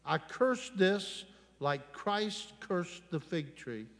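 A man's voice: high-pitched, lively intonation, drawn-out words, fairly bright tone. A man preaching and praying at a healing service, fervent and commanding, leading the crowd in call-and-response. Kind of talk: sermon and healing prayer. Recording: reverberant church hall with music. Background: live music.

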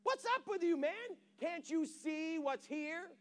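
A preacher playing a panicked young male servant who loudly mocks his master in disbelief. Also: extremely high pitch, measured pace, pitched above the performer's own voice. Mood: incredulous. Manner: loud, mocking disbelief.

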